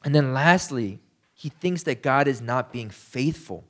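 A man's voice: mid-range voice, animated, slow, pauses often, a bit bright. A man preaching a conversational sermon, telling the story casually with lots of fillers and acting out quoted lines. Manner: acts out quoted lines in shifting voices. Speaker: pastor.

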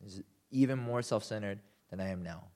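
A young man preaching a sermon, animated and self-deprecating, acting out quotes with sudden jumps in pitch. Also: a little fast. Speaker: pastor.

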